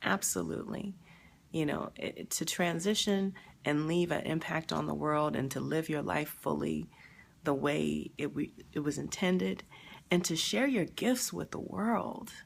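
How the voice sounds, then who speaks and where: A woman hosting a live stream, talking emotionally and haltingly, sad and near tears, pausing to answer viewer comments. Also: low-pitched, gravelly, slight background noise. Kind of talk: grieving live stream reaction.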